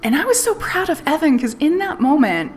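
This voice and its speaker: A woman's voice: high voice, big pitch swings, a little fast. A woman streaming live, telling a personal story in a candid, casual way and swearing freely. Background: faint music playlist.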